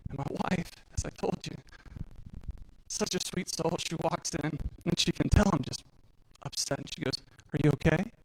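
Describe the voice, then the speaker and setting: A man's voice: fairly high pitch, normal speed, a little hiss or hum, poor audio. A man in his late twenties or thirties telling his own survival story on stage, candid and self-deprecating, acting out the dialogue. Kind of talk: personal storytelling talk on stage.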